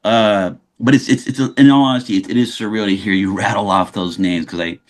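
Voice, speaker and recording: A man from Los Angeles, speaking as a guest on an interview show. His voice sits fairly low, and he tells stories with lively energy, often stopping and restarting mid-sentence. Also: fairly quick. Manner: animated storyteller, frequent restarts. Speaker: guest actor. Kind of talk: casual interview chat.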